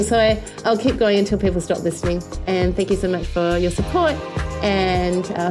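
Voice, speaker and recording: A woman's voice: lowish voice, warm tone. A woman with an Australian accent, a podcast host giving an effusive, enthusiastic outro with occasional fillers. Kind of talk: scripted-sounding solo outro.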